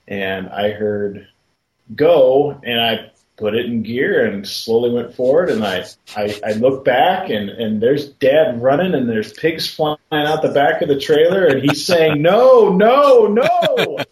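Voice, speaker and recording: A man of medium pitch telling stories in a relaxed, folksy way, often laughing at his own memories. The sound has a roomy echo around it, as if he sits in an open room. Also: unhurried, slight background noise. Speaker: podcast co-host. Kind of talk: casual storytelling.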